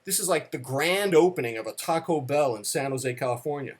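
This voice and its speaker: A man in his fifties talks to a camera at home in a loose, rambling storytelling style, full of fillers and self-mocking asides. His voice sits a little high for a man. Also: animated, brisk. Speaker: vlogger, storyteller. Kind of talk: casual storytelling monologue.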